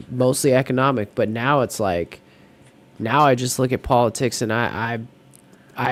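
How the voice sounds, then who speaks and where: A man's voice: mid-range voice, a little mellow. A man co-hosting a casual podcast chat, rambling with lots of fillers and restarts. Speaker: podcast co-host.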